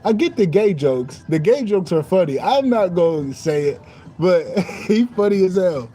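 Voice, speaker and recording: A man's voice: sits high, big pitch swings, measured pace, dark tone, slight background noise. A young man in a casual spiritual rant as a streamer, preachy and repetitive, saying "bro" constantly.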